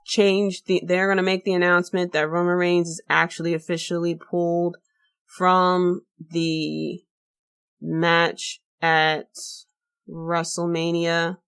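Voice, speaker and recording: A woman with a fairly low voice hosts her own podcast alone. She talks casually and rambles a little, full of fillers and restarts, sounding tired late at night. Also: fairly bright tone, clean tone. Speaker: podcast host. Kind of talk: casual solo podcast talk.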